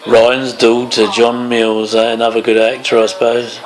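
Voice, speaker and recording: A man's voice: mid-range voice, completely flat delivery, normal speed, poor audio. A man giving casual movie commentary, full of chatty wry asides and chuckles. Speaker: film commentator.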